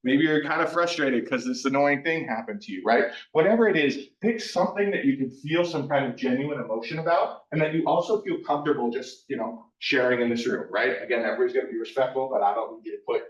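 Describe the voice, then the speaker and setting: A male workshop presenter talks his students through the material in a relaxed, conversational way, checking in with a questioning "right?" again and again. He sounds some way off the mic in a roomy classroom, and the recording is muffled and lo-fi. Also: mid-range voice, fast talker, few pauses, distant mic. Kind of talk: live workshop lecture.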